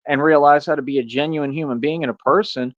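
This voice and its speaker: A streamer rants directly to camera, confrontational and repetitive, drawing out the same rhetorical questions over and over. He speaks at an ordinary pitch in a steady tone. The recording is dry and slightly muffled.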